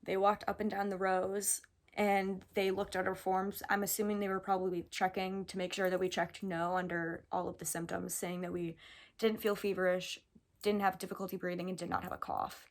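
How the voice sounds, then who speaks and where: A young woman from the United States recounts a personal story straight to camera. Her delivery is chatty and animated, peppered with casual fillers as she relives each step. It has the easy, unscripted feel of a vlog. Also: mid-range voice, normal speed. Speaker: vlogger.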